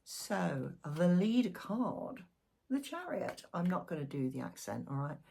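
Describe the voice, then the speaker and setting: Chatty, husky-voiced woman reading tarot. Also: lowish voice, very animated, measured pace, a little mellow. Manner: chatty, exuberant, with asides and humming. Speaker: tarot reader. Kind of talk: casual weekly tarot reading. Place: home room, seated in a squeaky chair.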